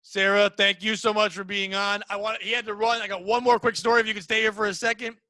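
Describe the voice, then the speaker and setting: High-voiced, bright animated comic man. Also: quick pace, no echo. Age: 40s. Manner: animated, self-deprecating, swears freely. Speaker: podcast host. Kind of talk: casual comedic storytelling.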